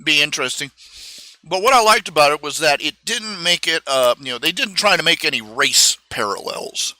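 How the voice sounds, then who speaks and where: Man streamer, lively pitch, very bright and dry, rambling with lots of fillers. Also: dry recording. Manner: halting, full of fillers and restarts. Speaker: live stream host. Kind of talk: casual rambling monologue. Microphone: streaming microphone.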